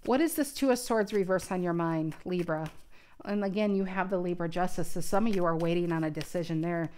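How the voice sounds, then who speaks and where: A woman's voice: lowish voice, a little fast, a little mellow, clean tone. A woman giving a casual tarot reading to camera, speaking earnestly and thinking aloud with frequent restarts. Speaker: tarot card reader.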